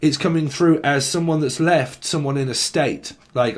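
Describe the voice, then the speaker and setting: A man's voice: on the high side, normal speed. A man giving a solo tarot reading, rambling and full of fillers. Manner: rambling, heavy on fillers, acts out quoted messages. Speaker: tarot reader.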